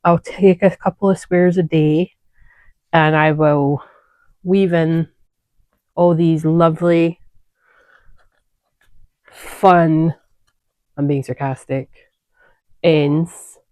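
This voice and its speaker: A woman's voice: low voice, fairly even intonation, takes it slowly, long pauses, darkish tone, no room sound. A woman hosting a knitting podcast, chatting casually and wandering off on asides as she shows her projects. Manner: chatty, digressive, self-correcting.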